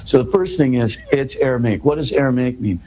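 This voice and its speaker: A man's voice: medium pitch, a little fast, mellow, a little hiss or hum, poor audio. A man, a guest in an interview, explaining scripture in earnest conversation. He restarts and repeats words, tags his points with "right?" and builds to emphatic questions.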